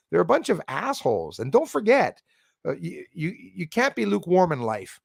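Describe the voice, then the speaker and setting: A man from Canada rambles through a livestream in a heated, blunt way, often restarting his sentences. His voice is gravelly and sits a little high. The sound is dry and close. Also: huge pitch swings, normal speed, no room sound. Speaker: livestream host reading chat. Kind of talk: casual livestream talk.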